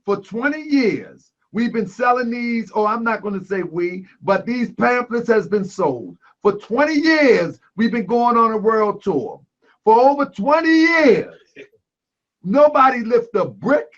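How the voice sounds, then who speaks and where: A man's voice: extremely high pitch, lively intonation, unhurried. A man hosting a call-in show, arguing emphatically with callers and repeatedly calling them brother. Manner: emphatic, keeps calling people brother, raises his voice. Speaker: talk show host taking callers. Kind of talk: heated call-in debate. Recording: lo-fi online broadcast audio.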